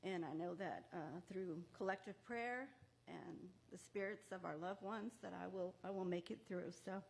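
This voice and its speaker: A bereaved mother, invited as a guest, speaks at a memorial ceremony in a museum event room. Her voice is lowish and creaky, and she talks at a moderate pace, earnest and emotional, close to tears.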